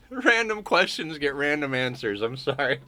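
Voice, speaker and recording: Lively, bright-voiced sleepy male streamer. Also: mid-range voice. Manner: chatty, joking, greets chat by name. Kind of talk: casual livestream chat.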